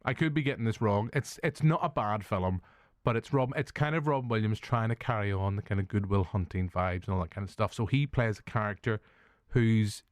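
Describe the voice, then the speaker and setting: A man's voice: lowish voice, fairly quick, no echo. Northern Irish male podcast host, laughing, profane banter, dry recording. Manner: jokey, laughs often, swears casually. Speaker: podcast host, film reviewer. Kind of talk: casual chat.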